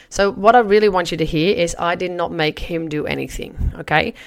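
A woman in her forties, a life coach, teaching through a personal story in a chatty, animated way. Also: on the low side, fairly quick, vocal fry, hardly any pauses. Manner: chatty, animated, acts out her own past remarks.

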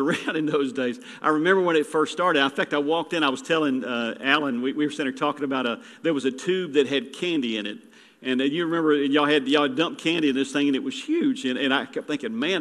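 A man's voice: mid-range voice, a bit bright. Folksy man preaching, echoey hall. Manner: folksy, rambling with restarts and jokes. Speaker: guest preacher. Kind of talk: sermon. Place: church sanctuary.

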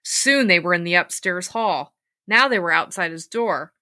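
A woman hosting a podcast, reading scary stories aloud and chatting about them, with lively acted-out quotes. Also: on the low side, normal speed, dry recording, studio quality. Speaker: podcast host and storyteller.

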